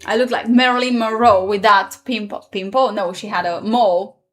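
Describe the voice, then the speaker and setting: A woman's voice: medium pitch, steady tone, normal speed, a bit bright, soft background music. A woman in her thirties, not a native English speaker, chatting casually on a live stream and answering viewer comments. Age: 30s.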